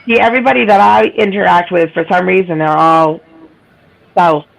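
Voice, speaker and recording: A woman with a Boston accent and a raspy, nasal voice, rambling in casual chat. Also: fairly low pitch, normal speed, rough recording. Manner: rambling, self-deprecating, laughs often. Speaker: livestream guest.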